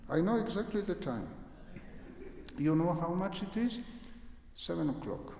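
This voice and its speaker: Man coaching piano, slow and singsongy, hums bits of the tune, big echoey concert hall with a piano. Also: high voice, animated, gravelly, darkish tone. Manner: sings and hums phrases to demonstrate; uses vivid imagery to explain the music. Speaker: piano teacher giving a master class. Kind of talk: coaching a young pianist.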